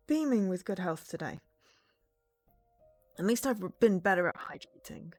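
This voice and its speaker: A woman streamer talking casually at her desk while she plays, self-deprecating and chatty. Her voice sits a little low yet swoops up and down with lively energy, and faint game music plays underneath. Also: measured pace, pauses often. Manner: chatty, self-deprecating, reads dialogue aloud. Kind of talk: casual let's-play commentary.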